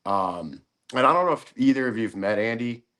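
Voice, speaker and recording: A man's voice: medium pitch, animated, normal speed, a bit bright. A man talking as a podcast guest in casual chat, rambling with many fillers and acting out quotes of others.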